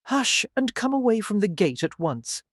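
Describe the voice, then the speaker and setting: A cold, bitter middle-aged mother, as a narrator puts her on, speaks crisply and with reproach. The storybook reading is dry and close. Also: mid-range voice, sing-song, normal speed, a bit bright, dry recording, pitched above the performer's own voice. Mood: stern.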